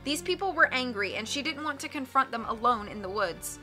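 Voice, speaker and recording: A woman narrating an audiobook in a clear, expressive reading voice. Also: on the high side, fairly quick, soft background music. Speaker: audiobook reader.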